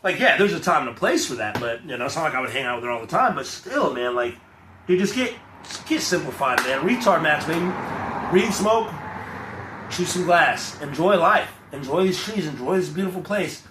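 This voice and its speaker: A young man launches into a blunt, swearing rant, slipping into mocking voices of the people he argues with. His voice sits a little high, and the sound bounces around an echoey space. Loud ambient noise hangs behind him. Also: animated, fairly quick. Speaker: vlogger. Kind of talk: profane off-the-cuff rant.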